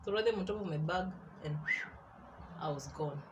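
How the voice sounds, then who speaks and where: A young Kenyan woman tells a story in a casual vlog. Her voice sits a little low, and she talks in an animated, laughing way, slipping between English and Swahili slang. Faint room ambience hums behind her. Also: normal speed, background noise. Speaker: artist and vlogger.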